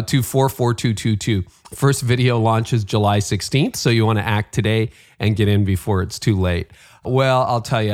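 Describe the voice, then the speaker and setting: A Canadian man hosting a leadership podcast, chatty and upbeat, laughing at himself now and then. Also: fairly low pitch. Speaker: podcast host. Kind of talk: conversational podcast hosting with read ads.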